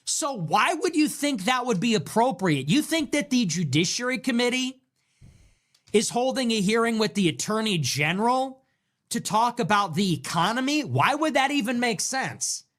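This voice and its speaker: Sarcastic man ranting with a high, swooping voice. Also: big pitch swings, normal speed, a bit bright. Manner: sarcastic, incredulous, mocking. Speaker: political livestream commentator. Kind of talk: ranting livestream commentary.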